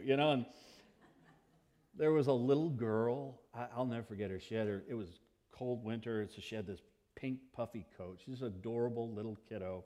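A middle-aged man preaching a sermon as pastor, telling stories and acting out children's questions in lively quoted voices. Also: medium pitch, moderate pace. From United States.

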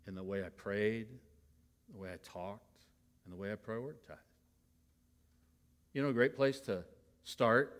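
A middle-aged male pastor preaching a sermon to his church, moving between hushed confiding and loud bursts. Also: on the low side. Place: church sanctuary. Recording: long hall reverb.

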